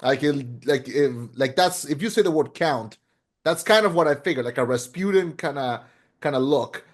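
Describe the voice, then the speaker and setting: Animated rambling man reviewing a film. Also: fairly high pitch, normal speed. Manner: animated, rambling with frequent restarts and fillers. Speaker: podcast co-host. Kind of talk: casual film review chat.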